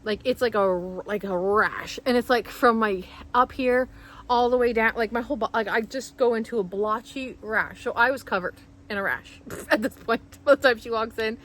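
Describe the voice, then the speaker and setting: A woman's voice: a little high, moderate pace, fairly bright tone, poor audio. A woman vlogger telling a personal story in casual, emotional, rambling speech full of restarts.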